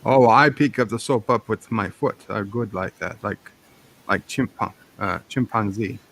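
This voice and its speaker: A man's voice: on the low side, fairly even intonation, a little slow, vocal fry, fairly bright tone. A man hosting a live stream, chatting casually and joking, slipping into put-on accents. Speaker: streaming show host. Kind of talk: casual chat.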